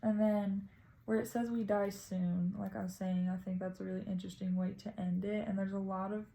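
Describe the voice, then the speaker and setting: A woman's voice: mid-range voice, level tone, a little fast, gravelly, warm tone, rough recording. A woman casually talking through her reading of a poem, tentative and thinking aloud as a student presenting. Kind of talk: casual spoken poem analysis.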